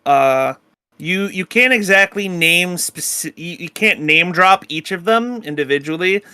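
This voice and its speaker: A young man runs a tabletop game, rambling casually through his narration with plenty of filler words. His voice sits a bit high and rings bright. The recording is dry and close. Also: lively intonation, a little slow, clear, resonant tone, no room sound. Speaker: dungeon master.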